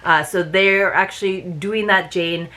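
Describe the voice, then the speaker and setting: A woman's voice: lowish voice, fairly even intonation, measured pace, pushed and bright, a little hiss or hum. A woman hosting an unboxing vlog, talking in a chatty, casual way with frequent "uh" fillers. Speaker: unboxing channel host.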